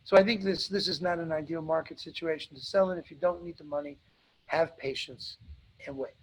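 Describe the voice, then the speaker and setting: A man's voice: fairly high pitch, fairly even intonation, fairly quick, a little hiss or hum, poor audio. A man hosting a live webinar, answering audience questions in a blunt, emphatic way and repeating points for stress.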